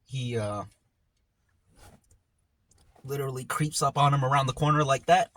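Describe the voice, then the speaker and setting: A man's voice: mid-range voice, moderate pace, a bit bright. Laid-back rambling man storyteller. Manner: rambling, laid-back slang-heavy retelling with frequent trailing off. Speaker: mukbang vlogger. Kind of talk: casual storytelling while eating.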